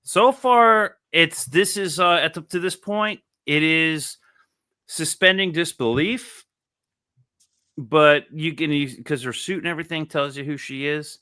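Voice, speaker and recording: Reviewing comics as a podcast co-host, a man chats casually, laughs easily and often restarts his sentences. His bright, forceful voice sits in the middle range, slightly high, unhurried, clear and resonant. The sound is dry and close, with no room echo.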